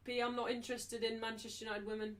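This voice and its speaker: A woman's voice: on the high side, flat delivery, quick pace. A chatty woman streams a live match watchalong, her voice sitting a little above the usual range. She drifts between casual commentary and sing-song baby talk to her dog. She sounds a touch distant from the microphone.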